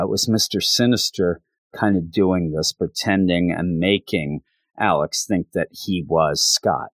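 A man's voice: low-pitched, fairly bright tone, no echo. A man reviewing comics in casual, rambling talk, full of fillers. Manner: rambling, many fillers like "you know".

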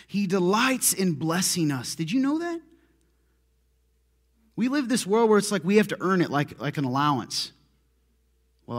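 A male pastor giving a relaxed, conversational sermon. He tells stories with animation and pokes fun at himself, laughing often. His voice sits a little higher than most men's. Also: breathy edge. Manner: animated storytelling, self-deprecating, laughs often.

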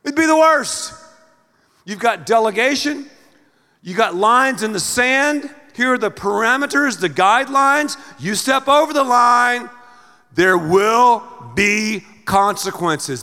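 Middle-aged male pastor, theatrical sermon delivery, bright lively voice, long hall reverb. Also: high-pitched, slow pace. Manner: animated, theatrical, acts out scenes with big swings in loudness.

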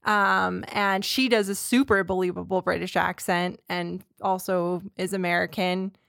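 A woman's voice: lowish voice, flat delivery, measured pace, creaky, fairly bright tone, dry recording, clean studio sound. A woman co-hosting a casual film podcast, chatty and rambling, with frequent restarts and laughter. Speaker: podcast co-host.

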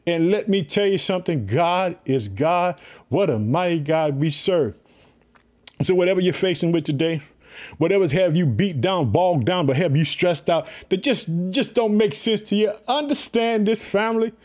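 A man's voice: high voice, moderate pace, a little mellow. A man from Illinois preaching a podcast sermon, fervent and repetitive, calling out to his listeners again and again. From Illinois, USA. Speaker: pastor and podcast host.

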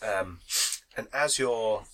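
A man's voice: fairly low pitch, slow pace, fairly bright tone, slight background noise, rough recording. A man with a cold, narrating a tabletop game as game master, chatty and laughing as he describes scenes. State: has a cold.

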